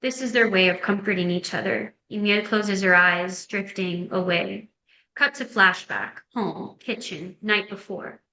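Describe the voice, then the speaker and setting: A woman's voice: medium pitch, a little slow, bright, forceful tone, slight background noise. A woman narrating, reading a screenplay's scene and action lines in a plain, descriptive way. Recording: echoey room.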